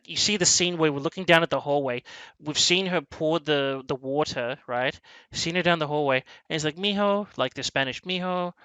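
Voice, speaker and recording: A man hosting a casual film discussion, rambling and animated, with many restarts as he acts out lines from scenes. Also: a little high, no echo, low-quality recording. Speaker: movie review podcast host.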